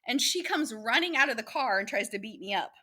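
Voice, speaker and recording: Bright-voiced chatty woman. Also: a little high, fairly quick. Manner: animated, chatty, acts out quoted voices. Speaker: guest. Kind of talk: casual storytelling interview.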